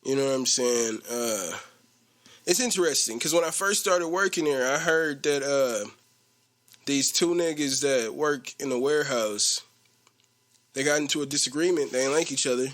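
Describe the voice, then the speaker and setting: A young man telling a story in a casual podcast rant, animated and slangy, laughing often. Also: moderate pace. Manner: animated, slangy, mimics coworkers with a low voice. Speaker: podcast host.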